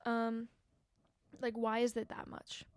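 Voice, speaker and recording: A woman's voice: on the high side, monotone, slow pace, clean tone, no echo. A young woman hosting a solo podcast, chatting casually and rambling with lots of fillers and self-mocking asides into a handheld mic. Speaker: podcast host.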